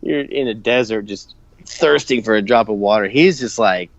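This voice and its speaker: A man, co-hosting a podcast, ranting and joking in an animated, casual way. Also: fairly low pitch, normal speed, no echo. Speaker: podcast co-host. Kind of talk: casual storytelling chat. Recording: dry, dull podcast recording.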